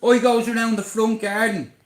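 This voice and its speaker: A man's voice: high-pitched, normal speed. Irish man, raised voice for a guy, profane storyteller on a livestream, echoey room. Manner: blunt, swearing, animated storyteller.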